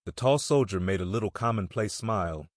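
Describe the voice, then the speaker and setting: Man, audiobook narrator, low voice, dry close sound, measured reading. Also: lively intonation, no room sound. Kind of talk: audiobook reading of a classic novel.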